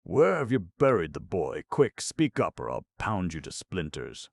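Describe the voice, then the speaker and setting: A man voicing a proud, fussy male elephant who talks in a pompous, booming way. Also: animated, measured pace, creaky, no echo, exaggerated voice. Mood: angry.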